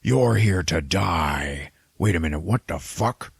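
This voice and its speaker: Man doing a cosmic demon lord, deep, slow, booming, menacing, dry. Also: lively intonation, vocal fry, slightly rough, no echo, full character voice.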